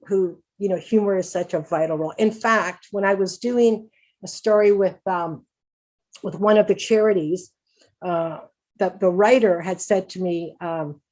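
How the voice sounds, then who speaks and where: Middle-aged woman, patient advocate at a conference; upbeat, chatty, quick laughs, frequent restarts. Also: mid-range voice, darkish tone. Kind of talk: conference presentation.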